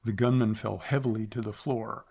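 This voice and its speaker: A man reading a western novel aloud in a measured, steady narration. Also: on the low side, vocal fry, slightly rough. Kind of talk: audiobook narration.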